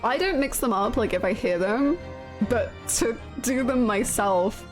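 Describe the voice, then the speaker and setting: A woman's voice: a little high, animated, measured pace. A woman streamer chatting casually and laughing at herself while she plays a video game, with game music behind. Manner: giggly, self-deprecating chatter.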